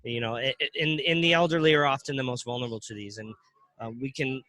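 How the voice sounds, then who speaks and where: A man's voice: medium pitch, fairly even intonation, quick pace, sharp tone, dry recording. A man who runs a crypto ATM business, being interviewed in casual talk, often restarting and repeating words as he explains.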